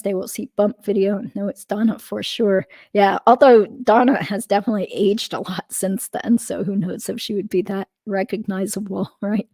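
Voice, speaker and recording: A woman hosts a live stream in a relaxed, rambling way. She reads out viewer comments and chats through them, laughing easily. Her voice has a gravelly fry, and the sound is close and dry with no room echo. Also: medium pitch. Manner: chatty, thinks aloud with many fillers, laughs easily. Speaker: livestream host reading chat comments. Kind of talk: casual live chat.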